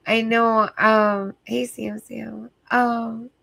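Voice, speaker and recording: A woman's voice: on the high side, little pitch movement, extremely slow, vocal fry, a bit bright. A tired woman hosting a livestream, chatting casually with viewers in a rambling way, full of fillers and swearing. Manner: rambling, filler-heavy, profane. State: sleepy, tired. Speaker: livestream host.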